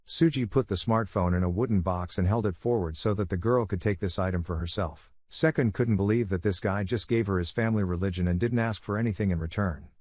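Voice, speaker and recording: A man narrating a comic recap in flat reported-speech storytelling. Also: lowish voice, dry recording. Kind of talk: scripted manhwa recap narration.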